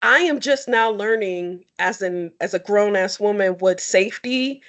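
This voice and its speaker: A young adult woman sharing personal stories in a candid, expressive and sometimes tearful conversation. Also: medium pitch, measured pace. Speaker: podcast co-host. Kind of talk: emotional heartfelt conversation.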